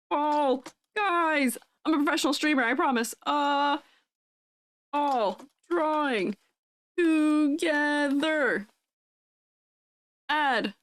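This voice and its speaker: A young adult woman VTuber streamer with a high, youthful-sounding voice, chatting with viewers in a bubbly, giggly way. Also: a bit bright, no echo. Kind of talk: casual live-stream chat.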